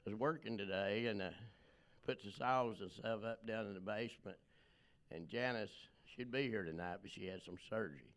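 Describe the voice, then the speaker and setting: An older man giving a plainspoken, emotional personal testimony at a recovery meeting, rambling with many pauses and fillers. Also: lowish voice, fairly bright tone.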